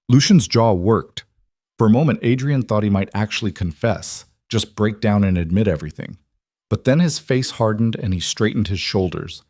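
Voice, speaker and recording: Male narrator, steady scripted delivery, low and dry. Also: moderate pace, no echo.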